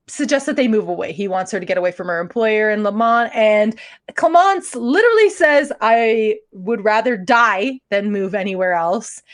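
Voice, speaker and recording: A woman's voice: on the high side, dry recording, studio quality. A woman co-hosting a podcast, telling a true crime story in casual chat, chatty and often breaking into laughter. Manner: giggly, chatty, trails into laughs. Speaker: podcast co-host.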